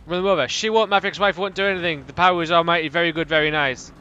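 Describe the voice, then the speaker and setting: Brit guy streaming games, high voice, swears loads, sings bits of songs, muffled lo-fi sound. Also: steady tone, rapid-fire, clean tone. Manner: loud outbursts, swearing, sings snatches of pop songs. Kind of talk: casual gaming livestream chatter.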